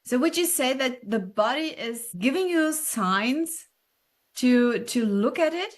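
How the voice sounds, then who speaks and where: Encouraging higher-voiced woman host. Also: expressive, slow pace. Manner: encouraging, brief affirmations. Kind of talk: interview questions, casual chat.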